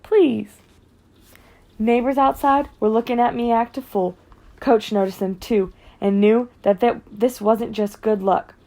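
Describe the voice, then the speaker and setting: A woman's voice: on the high side, fairly even intonation, moderate pace, warm tone. A woman giving earnest, emotional first-person audiobook narration.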